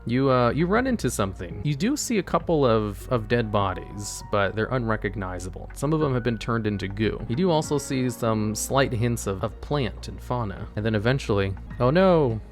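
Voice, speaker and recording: A man's voice: lowish voice, animated, normal speed, few pauses, soft background music. A man running a tabletop-style adventure as game master, narrating in a casual, joking, offhand way and talking to his chat.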